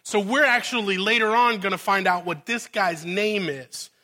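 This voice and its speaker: Bright, high-voiced preaching man. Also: normal speed. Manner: conversational, asks the audience "right?" often, dramatizes the scene. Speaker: pastor. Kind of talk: sermon.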